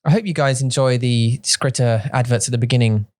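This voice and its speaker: A man's voice: medium pitch, a little fast, darkish tone. A man from England, co-hosting a casual bilingual podcast and chatting loosely, now and then trying out voices. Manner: chatty, does playful accent impressions. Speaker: podcast co-host. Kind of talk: casual chat.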